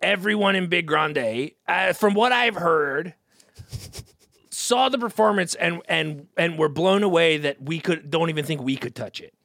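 A man with a high, bright voice that swings up and down as he chats and rambles through a comedy podcast. He keeps restarting his sentences and stacking up fillers. The sound is close and dry. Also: expressive, unhurried, gravelly, dry recording. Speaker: podcast co-host. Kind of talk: casual comedic chat.

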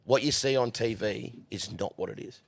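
This Australian man's fairly low voice has vocal fry and a breathy edge, at a moderate pace with no echo. A guest on a casual studio podcast, he tells horse stable stories, swearing freely and laughing as he talks.

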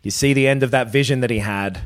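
A man's voice: mid-range voice, fast. A man, chatting casually and joking while recapping a TV episode, swearing freely. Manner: jokey, slips into goofy character voices, swears freely. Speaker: podcast co-host recapping a show. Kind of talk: casual comedic chat.

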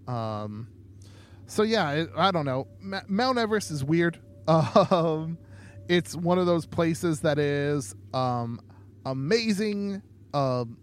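A young man co-hosting a podcast in a casual chat, rambling along with lots of ums and easygoing jokes. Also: on the high side. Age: young adult. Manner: rambling, many ums, laid-back joking. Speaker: podcast co-host.

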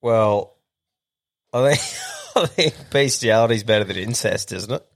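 A man's voice: lowish voice, unhurried, creaky. An Australian man hosting a podcast, bantering crudely and laughing with his co-host. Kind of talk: casual podcast chat.

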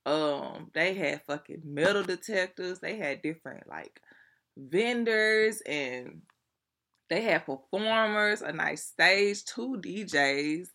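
A young adult woman vlogging, telling stories to her viewers in an animated, chatty, profane way full of slang. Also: lowish voice, takes it slowly. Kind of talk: casual storytelling to viewers.

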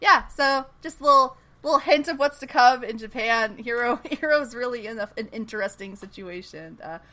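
A woman's voice: a little high, normal speed. A woman co-hosting a casual podcast, recapping a TV episode with lots of laughter and playful voices for the characters. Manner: animated, laughs often, acts out characters' lines. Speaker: podcast co-host recapping a TV show. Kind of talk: casual chat.

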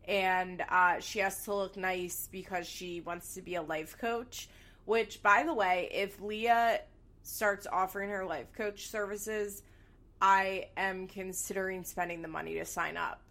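A young woman hosts her podcast in loose, casual chat, her voice nasal and stuffy from a sinus infection. She talks at an ordinary pitch and rants freely, peppering her talk with swearing. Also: steady tone, unhurried, fairly bright tone. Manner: profane ranting, swearing often. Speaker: podcast host.

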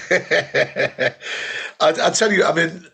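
A man's voice: a little high, extremely slow, creaky, sharp tone, breathy edge. A middle-aged British man, a comedian co-hosting a podcast, chatting casually and telling anecdotes between laughs. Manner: storytelling, laughing often, restarts. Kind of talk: casual chat.

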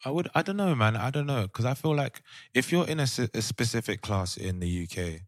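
A man's voice: medium pitch, expressive, a little fast, dry recording, studio quality. A man co-hosting a podcast chat, thinking aloud and hesitant at times. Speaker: podcast co-host. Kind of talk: casual chat.

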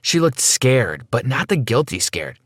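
Young adult man, scripted first-person story narrator, steady and middle-pitched. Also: unhurried, no echo.

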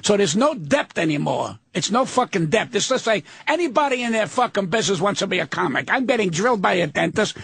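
Older male comic, high raspy voice, blunt profane rant. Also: sing-song, a little fast, few pauses, fairly bright tone, no room sound. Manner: blunt, cursing, combative. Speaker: guest comedian.

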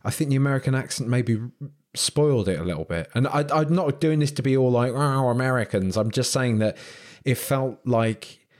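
A man's voice: medium pitch, expressive, normal speed, a little mellow. A man co-hosting a casual film podcast, who often stumbles, repeats words and restarts his sentences. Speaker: podcast co-host. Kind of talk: casual film review chat.

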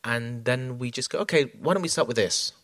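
A man talking about his creative process in a reflective, halting way. His voice sits at an everyday middle pitch. The sound is close and dry. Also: a bit bright, dry recording. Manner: reflective, many fillers and restarts. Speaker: choreographer guest. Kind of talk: onstage conversation.

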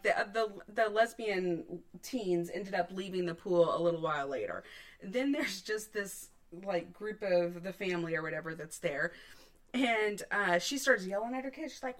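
A woman in her thirties tells a story with big energy, laughing, swearing and acting out the quotes in a loud voice. Her voice sits a little high. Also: normal speed. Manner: swears a lot, laughs often, acts out quotes loudly. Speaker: podcast co-host. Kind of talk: animated storytelling.

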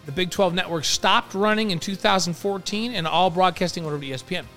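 Chatty man with a higher voice. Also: fast, pushed and bright, soft background music. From New York. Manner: repeats words, many restarts. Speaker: podcast co-host. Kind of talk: casual sports chat.

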